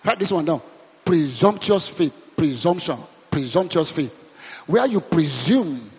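The man's voice sits on the high side, sing-song and unhurried, with a breathy edge. He preaches as a pastor in call-and-response fashion, asking his congregation question after question and pushing them to respond, with long hall reverb around him.

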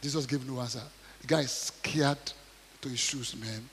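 A man preaching a sermon, reading scripture aloud and commenting on it, swinging between quiet asides and loud acted quotes, often asking the audience questions. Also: mid-range voice, fairly even intonation, normal speed, long reverb tail, a little hiss or hum. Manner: asks the audience questions, repeats words.

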